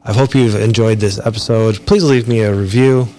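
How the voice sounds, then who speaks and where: In a solo podcast monologue, the male host talks at a normal speed in a lowish, dark, steady voice. He keeps it casual and personal on a close mic, often restarting sentences and using fillers.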